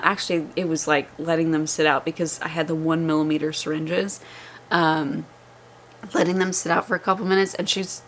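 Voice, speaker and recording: A woman's voice: sits low, a little hiss or hum. A young woman vlogging casually at home, candid and chatty with frequent laughter, sounding exhausted. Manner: chatty and candid, laughs often, rising excitement. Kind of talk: casual chat. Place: at home, indoors. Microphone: vlogging microphone.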